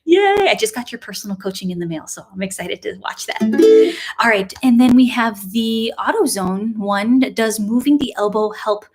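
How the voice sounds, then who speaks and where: A woman's voice: mid-range voice, moderate pace, faint music behind. A young adult woman teaching a live ukulele lesson, counting beats aloud, calling chord changes and greeting viewers in the chat. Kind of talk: live-streamed music lesson. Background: ukulele playing.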